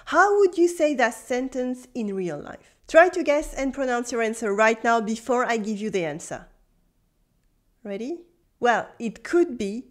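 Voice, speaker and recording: A woman's voice: on the high side, lively intonation, measured pace. A woman with a French accent, a native French speaker, teaching a language lesson in English and patiently explaining step by step. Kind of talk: scripted video lesson.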